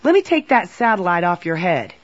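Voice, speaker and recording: A woman's voice: on the low side, big pitch swings, fairly quick, no echo. A woman voicing a brave, eager little girl in a storybook, earnest and urging, heard on a dull lo-fi recording.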